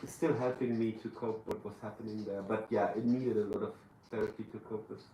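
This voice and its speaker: A man's voice: fairly low pitch, steady tone, a little fast, dark tone. A man with a German accent, a guest in a live podcast interview, searching for his words as he talks. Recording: roomy live venue, distant mic, faint room noise.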